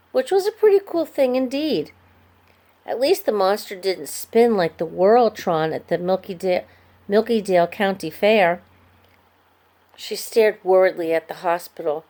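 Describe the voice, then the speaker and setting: A woman narrating a children's chapter book aloud in an expressive storytelling manner. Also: mid-range voice, a little slow. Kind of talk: scripted narration.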